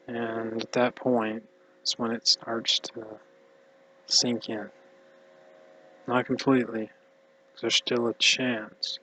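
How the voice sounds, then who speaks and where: Man, mumbly, exhausted, hushed and halting, bright tone, monotone, personal vlog. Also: mid-range voice, a little hiss or hum, low-quality recording. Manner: halting, hushed, drifting into whispers. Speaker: vlogger. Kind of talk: rambling personal monologue.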